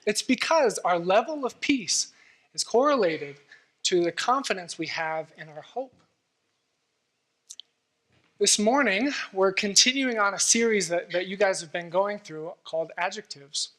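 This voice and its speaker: A man's voice: sits high, expressive, a little slow, sharp tone. A man giving a sermon as guest preacher in a church, earnest and conversational, with frequent fillers.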